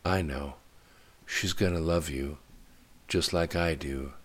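A man's voice: low-pitched, expressive, a little slow, darkish tone, voice pushed up. A man doing a weary male president. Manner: tired and tender.

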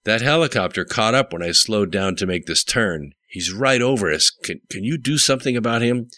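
A man's voice: fairly low pitch, expressive, normal speed, pushed and bright, no room sound, voice pushed up. A man reading an audiobook, voicing a brash young male getaway driver who talks in a whiny, pressured way. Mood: urgent. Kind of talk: audiobook character voice.

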